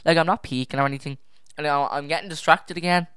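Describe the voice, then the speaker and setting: Young true crime podcast host, casual and easily distracted, clear voice, dry home mic. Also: medium pitch, steady tone, fast, a bit bright, dry recording. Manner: rambling, self-correcting, easily distracted; sighs and drops to a near whisper at times. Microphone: own podcast microphone.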